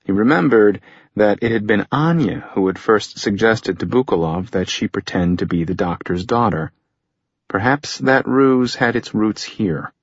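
Low-voiced man narrating a thriller. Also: lively intonation, slightly rough, no room sound. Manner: measured storytelling delivery. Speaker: audiobook narrator. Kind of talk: scripted narration. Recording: dull lo-fi dry recording.

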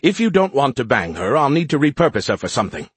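A man's voice: medium pitch, big pitch swings, fast talker, breathy edge, dry recording. A man voicing a perky, smug male AI in a beer can, teasing and snarky, for an audiobook. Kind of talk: audiobook character voice.

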